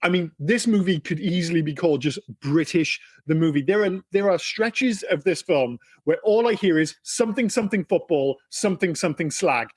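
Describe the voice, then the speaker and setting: A man with a high, slightly husky voice riffs bluntly about films as a podcast co-host, swearing freely. His delivery is animated and casual. The sound is dry and close to the mic. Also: brisk, few pauses, dry recording. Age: adult, married. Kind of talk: casual film discussion.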